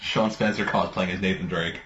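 A lower-pitched man in casual podcast chat, loose and profane, laughing easily between remarks. The sound is roomy and a little dull, with a faint hiss underneath. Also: steady tone, moderate pace. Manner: loose, swearing, laughs often. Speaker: podcast co-host. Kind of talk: casual chat about TV shows.

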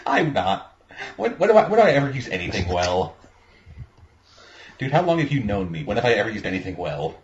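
Low-voiced, profane male podcast host. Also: sing-song, fairly quick, pauses often, lo-fi sound, a little hiss or hum. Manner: profane, rambling. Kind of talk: casual commentary-track chat. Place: online voice call.

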